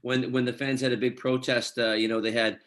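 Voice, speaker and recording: A middle-aged Scottish actor, appearing as a guest in a casual interview, talks briskly in a mid-range voice. He's an animated storyteller who acts out the dialogue of people he quotes.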